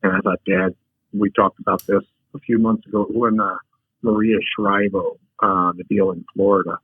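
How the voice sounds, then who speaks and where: A man's voice: low-pitched, level tone, moderate pace, breathy edge, no room sound. A man telling a frank personal story as a podcast guest, a take-charge talker who often restarts his sentences. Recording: tinny phone-like line.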